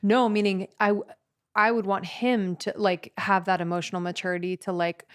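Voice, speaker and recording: A woman's voice: mid-range voice, little pitch movement, normal speed, smooth. A young adult woman co-hosting a podcast, talking earnestly with lots of filler words. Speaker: podcast co-host. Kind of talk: casual chat.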